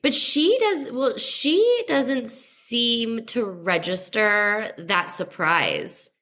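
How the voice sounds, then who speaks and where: A woman's voice: a little high, animated, drawn-out words, sharp tone. A young woman co-hosting a podcast in casual chat, talking with lots of "like" fillers. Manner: chatty, many "like" fillers. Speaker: podcast co-host.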